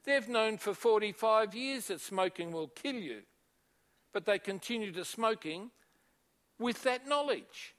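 A man's voice: high-pitched, expressive, measured pace, a bit bright. A man preaching a sermon, emphatic and repetitive, addressing the congregation directly and quoting scripture. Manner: emphatic, repeats key phrases, calls on congregation.

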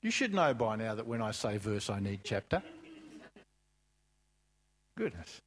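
A man's voice: fairly low pitch, sing-song, measured pace. A man preaching a sermon, telling a story loosely with asides and then rising to fervent emphasis. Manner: loose and chatty, with asides and restarts.

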